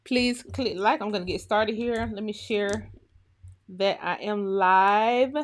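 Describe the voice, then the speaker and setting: A woman hosting a live stream as a historian, greeting viewers by name in a lively, chatty way before turning to a serious talk. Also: medium pitch, slow. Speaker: livestream host and historian.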